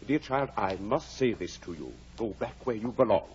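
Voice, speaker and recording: An actor playing a blunt but caring older country doctor in a 1940s radio drama, wry and then gravely earnest. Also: male voice, on the low side, lively intonation, normal speed, darkish tone, lightly acted. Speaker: Doctor Kenneth. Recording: dull, faintly hissy 1940s radio broadcast.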